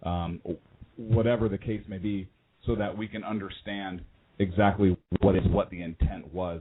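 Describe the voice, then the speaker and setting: Deep-voiced male radio co-host, phone-like sound. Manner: measured, explanatory. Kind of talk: talk radio. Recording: phone-like line with noise.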